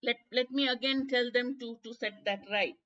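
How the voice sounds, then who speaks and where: A woman's voice: a little high, steady tone, normal speed, sharp tone. A woman with an Indian English accent teaching a live online exam-prep class, explaining step by step and mixing in bits of Hindi. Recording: dull lo-fi stream audio.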